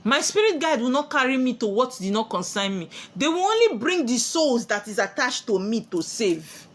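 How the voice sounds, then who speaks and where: A woman's voice: fairly high pitch, very animated, normal speed. A woman with a Nigerian accent giving a spiritual sermon, preachy and full of rhetorical questions she answers herself. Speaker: spiritual teacher.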